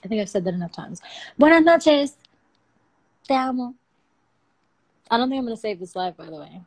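A woman's voice: medium pitch, animated, fast talker, a little mellow. A young woman in her twenties chats on a late-night livestream, speaking into her phone. She sounds slangy and playful and laughs easily as she riffs with her viewers. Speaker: livestream host. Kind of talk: casual livestream chat. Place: home at night.

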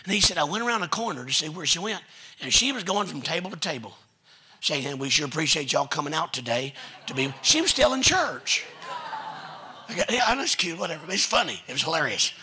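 Man, preacher, sermon, folksy storytelling, raspy, very bright. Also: high-pitched, big pitch swings, fast. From Texas. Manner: folksy storytelling preacher, quotes family members. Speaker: pastor. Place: church sanctuary.

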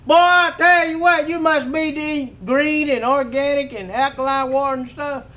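An actor playing a boastful mechanic shop owner who knows nothing about cars, talking loud and fast in a comedy film scene. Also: male voice, very high-pitched, steady tone. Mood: blustering. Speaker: comic actor.

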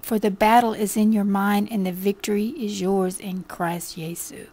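A woman's voice: mid-range voice, level tone, moderate pace, warm tone. A woman telling a devotional story in an intimate, often whispered way.

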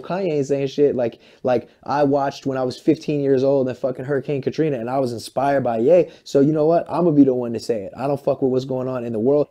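Man, late 20s, musician in an interview, animated, profane, very dark warm tone, average pitch. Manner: animated, profane, rambling with quoted asides. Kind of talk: candid interview talk.

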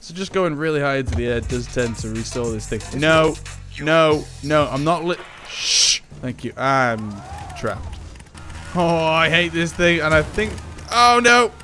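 A young man giving casual commentary over gameplay, switching between loud panicked outbursts and low muttering. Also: a little slow, soft background music. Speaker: gaming YouTuber.

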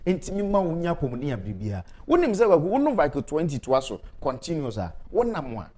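A man's voice: a little high, wildly swooping pitch, darkish tone. Persuasive man on a talk show. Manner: persuasive, repeats phone numbers slowly. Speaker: guest promoting a health product. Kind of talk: casual talk-show chat, mixing Twi and English.

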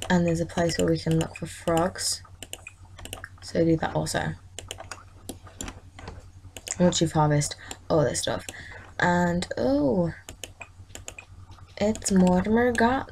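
A woman with a fairly low voice chats her way through a casual let's-play. She talks straight to the characters on screen and scolds them when they misbehave. A faint hiss of background noise sits under her voice. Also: steady tone, slow, pauses often, a little mellow. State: tired, yawning. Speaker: gaming channel host.

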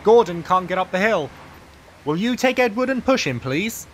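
A man's voice: high-pitched, expressive, normal speed, very noisy, pitched above the performer's own voice. A man voicing a polite male railway porter who asks for help. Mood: urgent.

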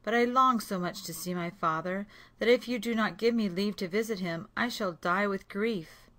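A woman voicing a kind, timid young heroine in a storybook read-aloud, soft and careful. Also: medium pitch, moderate pace, lightly acted. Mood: tender.

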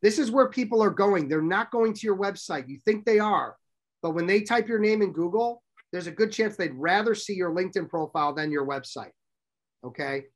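A middle-aged man presenting a workshop to a live audience, brisk and direct, often asking the audience questions. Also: high voice, expressive.

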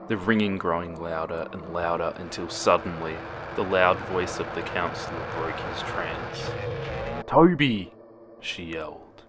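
A man narrating a horror story with a steady, dramatic reading that drops to hushed moments. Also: low-pitched, noisy background. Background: music.

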